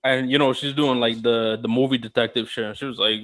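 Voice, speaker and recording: A young man co-hosting a podcast, chatting casually and telling stories in a rambling, animated way with lots of restarts. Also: medium pitch, a little fast. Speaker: podcast co-host. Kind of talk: casual chat.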